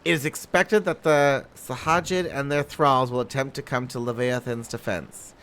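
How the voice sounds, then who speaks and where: A man voicing a formal, seasoned male naval commander from a game, reading in a lowered, stately manner. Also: fairly even intonation, normal speed, fairly bright tone, close to an everyday voice.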